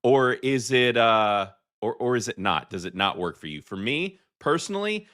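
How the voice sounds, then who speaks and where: A Southern man hosting a live show and talking straight to his chat. His voice is bright and forward, and the sound is dry and close. He rambles along with fillers and false starts. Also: mid-range voice, lively intonation, moderate pace, no room sound. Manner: rambling, chatty, lots of fillers and restarts. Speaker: podcast host. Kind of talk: live commentary reacting to clips for chat.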